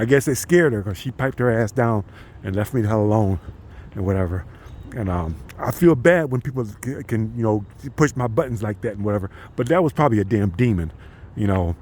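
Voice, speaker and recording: A man's voice: fairly low pitch, a little mellow, a little hiss or hum. A man vlogging outdoors in a park, talking casually and profanely, rambling with lots of "you know.". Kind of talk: casual walking vlog.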